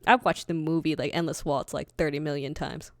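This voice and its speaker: Young woman co-host, animated and loose, swears freely; lowish, smooth voice, dry close recording. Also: brisk, no echo. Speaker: podcast co-host. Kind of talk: casual anime chat.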